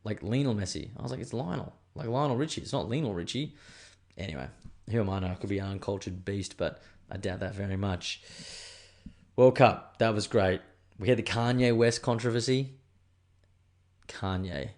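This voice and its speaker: A man's voice: on the low side, normal speed, long pauses, a little mellow. A young man hosting a solo podcast, chatting casually and swearing as he rambles through stories. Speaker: podcast host.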